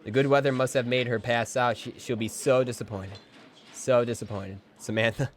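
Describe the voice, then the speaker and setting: A man livestreaming a video game, commenting casually and excitedly, joking and talking to his chat. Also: medium pitch, normal speed. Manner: excitable, jokey, talks to chat. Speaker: game streamer. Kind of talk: casual live gameplay commentary.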